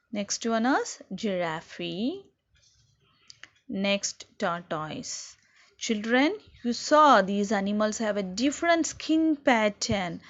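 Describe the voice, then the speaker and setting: A woman teacher giving a recorded class lesson to young children. She asks them questions and then answers them herself. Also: fairly high pitch. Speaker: schoolteacher. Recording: dull lo-fi recording.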